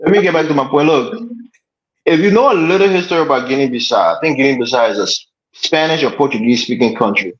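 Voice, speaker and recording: A man hosting a political panel discussion, making his case in a measured, argumentative way. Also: medium pitch, expressive. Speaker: panel host. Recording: echoey room, dull lo-fi audio.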